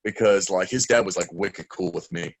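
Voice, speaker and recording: A young man, a guest in a casual interview, telling stories excitedly and acting out quotes loudly. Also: low-pitched, moderate pace, creaky, no room sound, rough recording.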